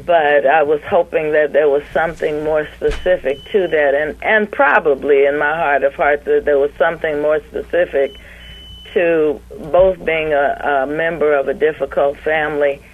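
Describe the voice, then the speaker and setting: A woman calling in to a radio show, speaking in an earnest, deliberate way. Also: low-pitched, fairly even intonation. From Northern California. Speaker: caller. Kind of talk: phone call to radio show. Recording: tinny phone line.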